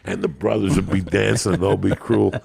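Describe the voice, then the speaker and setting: A man's voice: low voice, steady tone, moderate pace, creaky, darkish tone, husky, dry recording. A man telling crude, rambling comic stories as a podcast guest. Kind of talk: profane comic storytelling.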